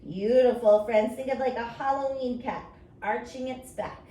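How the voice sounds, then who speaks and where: A high-voiced woman leads a children's yoga story time, playful and coaxing, with silly animal and train noises between her gentle cues. She sounds a little far from the mic in a roomy space with a faint hiss behind her. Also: normal speed. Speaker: kids yoga teacher.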